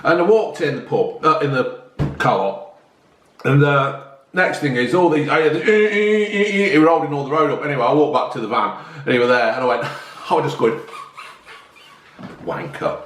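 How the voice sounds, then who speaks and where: Speaking fairly quickly at medium pitch with a slightly bright tone, a middle-aged man vlogs from an echoey room, a little hiss or hum audible. Casually reviewing newspaper stories, he rants bluntly and swears plenty.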